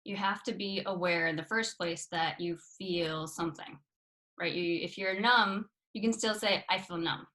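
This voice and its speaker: A woman's voice: fairly low pitch, fairly even intonation, normal speed, bright, forceful tone. A woman co-hosting a casual conversation, thinking aloud in a reflective way. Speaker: co-host.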